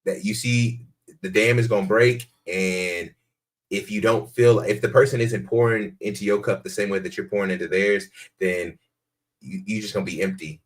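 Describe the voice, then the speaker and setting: A man with a very low voice talks as a podcast co-host. He speaks in a measured, earnest way, reflecting on a dating show. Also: steady tone. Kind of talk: casual commentary on a dating show.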